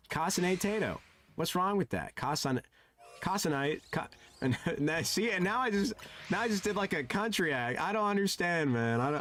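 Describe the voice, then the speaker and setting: A man streaming a game, chatting casually and sounding animated and flustered, his voice jumping high and dropping low. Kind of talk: casual live-stream chat.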